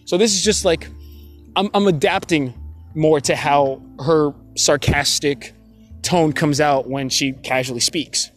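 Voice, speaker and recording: A young man with a slightly high voice tells a long story in a loose, chatty way, packed with fillers, restarts and quick laughs. Faint music plays quietly behind him. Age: young adult. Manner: rambling and chatty, many fillers and self-corrections, laughs often. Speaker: college student telling a story. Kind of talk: casual anecdotal storytelling.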